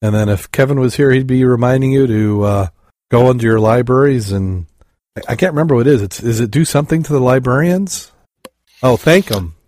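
A man's voice: medium pitch, a little fast, a little mellow, no room sound, studio quality. A man hosting a casual podcast, telling jokes and stumbling over his words. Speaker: podcast host.

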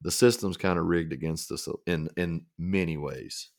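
A man's voice: sits low, moderate pace, a little mellow. A man co-hosting a podcast in casual, rambling chat, trading jokes with his friend. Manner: laid-back, rambling, joking. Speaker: podcast co-host.

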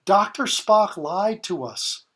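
A man's voice: high voice, expressive, slow, fairly bright tone. A man in his fifties, a guest on a podcast, giving parenting advice in an emphatic way and repeating key phrases for stress. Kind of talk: conversational advice in a podcast interview.

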